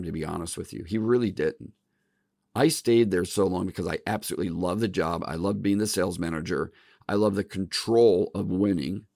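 A man's voice: on the low side, gravelly, darkish tone, dry recording, studio quality. A middle-aged man hosting a podcast, telling work stories in a folksy, casual way and calling his listeners "folks.". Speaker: podcast host. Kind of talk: casual storytelling monologue.

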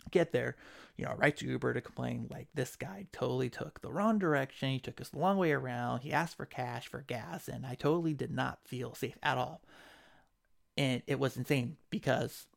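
Podcast host, man, heavy vocal fry, chatty animated storyteller. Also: medium pitch, moderate pace. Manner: animated retelling with quoted voices. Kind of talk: casual storytelling.

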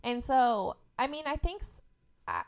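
A woman's voice: sits high, huge pitch swings, measured pace, clean tone. A young woman from Indiana, a podcast guest, telling a personal story in a candid, emotional way and laughing through the hard parts. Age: young adult.

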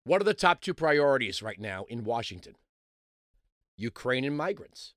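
A man hosting a talk radio show, delivering a sarcastic, mocking monologue that swings between loud outbursts and low mutters. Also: very animated, normal speed, no echo, studio quality.

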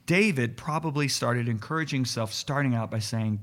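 A man co-hosting a faith podcast, telling Bible stories in an earnest, animated way with frequent restarts. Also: medium pitch, fairly quick. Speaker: co-host. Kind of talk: casual Bible teaching chat.

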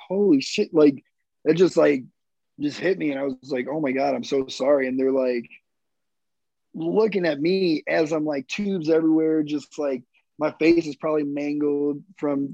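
A man's voice: fairly high pitch, creaky, warm tone, no echo, lo-fi sound. A young man, a wounded Marine veteran, telling his story in a candid, rambling, profane way as an interview guest.

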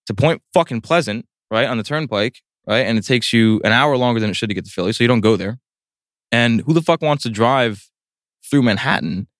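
A band member from New Jersey telling a long, animated rant in casual chat as a podcast guest, peppered with swearing and tag questions. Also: male voice, medium pitch, no echo, clean studio sound. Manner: animated ranting storyteller, swears freely, frequent "right?".

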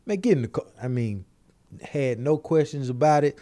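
A man casually telling a comedic story, animated and acting out the people in it. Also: medium pitch, moderate pace. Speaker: storyteller on a podcast.

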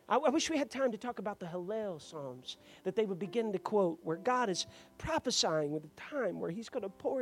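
High-voiced impassioned male preacher. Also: very animated, fairly quick, hardly any pauses, soft background music. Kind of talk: sermon.

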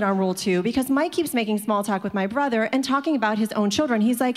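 A woman's voice: mid-range voice, fast talker, hardly any pauses, big-room sound. A woman telling a personal story to an audience in a chatty way, filling it with "like" and acting out the people in it.

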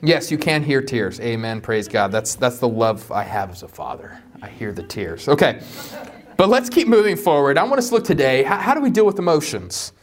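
A man in his thirties preaching a sermon, animated and joking, his voice jumping up high in playful asides. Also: a little fast. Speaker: pastor.

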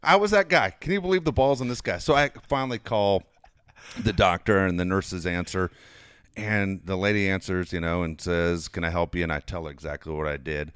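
A man's voice: sits low, brisk, clear, resonant tone, dry recording. Middle-aged guy ranting thru a crazy story, cursing a lot, dry close mic. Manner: profane, animated storyteller, laughs often. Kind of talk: casual storytelling chat.

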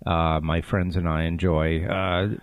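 A man's voice: low voice, little pitch movement, a little slow, clear, resonant tone, no echo. A man on a comedic talk radio show, speaking in a formal, stiff and hesitant way.

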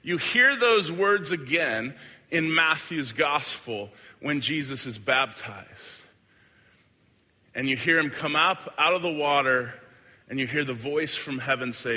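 A man preaching a sermon as a pastor, earnest and deliberate, often letting his lines fade softly at the end. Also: mid-range voice, expressive, husky. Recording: hall with long reverb.

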